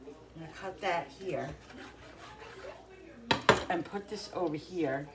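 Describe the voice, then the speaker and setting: A chatty woman rambles to her viewers while she cooks, thinking out loud between tasks. Her voice sits a little low. Clear kitchen noise carries behind her. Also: takes it slowly. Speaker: cooking vlogger. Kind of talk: casual cooking vlog chat. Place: home kitchen.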